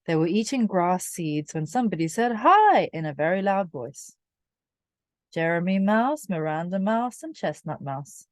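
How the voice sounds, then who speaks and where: Expressive woman reading a children's storybook. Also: lowish voice, no room sound, studio quality. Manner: expressive, slow and clear for children. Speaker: reader. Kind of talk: children's storybook read-aloud.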